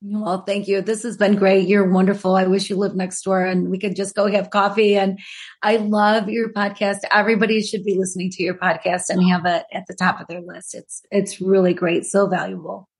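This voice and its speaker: A woman's voice: medium pitch, flat delivery, normal speed, breathy edge. A middle-aged woman who is a guest author, telling personal stories in a casual interview with frequent "you know"s.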